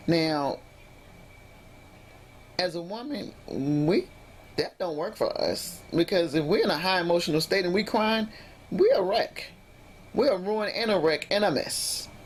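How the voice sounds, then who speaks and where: A woman vlogger telling a personal story in an animated, emphatic way, acting out what people said. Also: on the low side, a little slow, a little hiss or hum. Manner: animated, emphatic retelling with acted-out quotes. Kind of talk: casual storytelling vlog.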